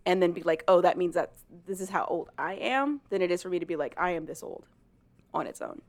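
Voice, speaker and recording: A woman's voice: lowish voice, fairly quick, no echo. Bubbly late-20s woman co-hosting a podcast, dry close mic, casual chat. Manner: bubbly, laughs often. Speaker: podcast co-host.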